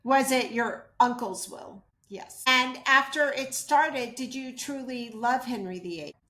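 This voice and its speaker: High-voiced chatty woman channeling spirits. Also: measured pace, pushed and bright, roomy sound. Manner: chatty, asks questions then reports answers. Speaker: tarot reader and channeler. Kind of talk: casual spirit channeling session.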